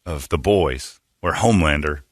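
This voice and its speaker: On his morning radio show, a middle-aged host with a rumbling low voice rants and mocks in a brash, opinionated way, sometimes switching to put-on voices. The audio is dry and studio quality.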